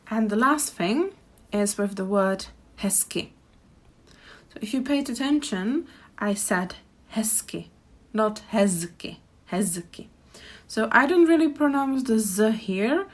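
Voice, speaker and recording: A young woman with a Czech accent, teaching pronunciation and repeating words carefully for learners. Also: on the high side. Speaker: language teacher. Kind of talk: pronunciation lesson.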